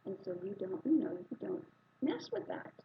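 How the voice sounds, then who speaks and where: Calm, patient female counselor voiced by a woman; steady explaining tone, dull sound. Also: mid-range voice, moderate pace, gravelly, noisy background. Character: calm female spiritual practitioner. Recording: slightly dull, muffled recording.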